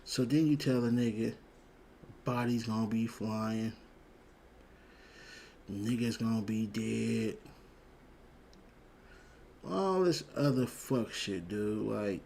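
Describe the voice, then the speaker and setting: A man's voice: fairly low pitch, takes it slowly, creaky, long pauses, darkish tone, slight background noise. A man hosting a show, giving a blunt, heated, profane commentary rant full of repeated words. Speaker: show host.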